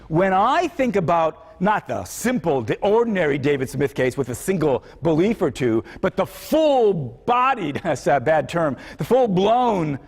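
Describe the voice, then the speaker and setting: A male philosophy lecturer talks to a class in a high, lively voice that rises and dips with every point. He thinks aloud and keeps turning questions back to the students. The sound carries a long reverb from the lecture hall.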